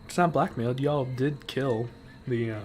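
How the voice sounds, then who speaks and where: A man's voice: mid-range voice, normal speed, slight background noise. A young man running a streamed tabletop game as game master, laughing often and teasing his players between stretches of casual narration.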